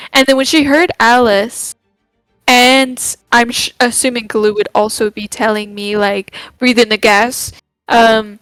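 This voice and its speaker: A woman's voice: on the high side, steady tone, slow, smooth, dry recording, faint music behind, poor audio. A woman playing a tabletop game, describing her character's moves with hesitant fillers. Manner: hesitant, full of fillers, laughing. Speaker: player. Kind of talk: casual play at a tabletop game.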